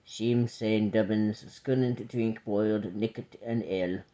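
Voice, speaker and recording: Storybook: cheeky little mole babe in thick country dialect, slow and low-pitched, done by a man; mellow, lo-fi audio. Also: fairly even intonation. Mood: conspiratorial. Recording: dull lo-fi recording.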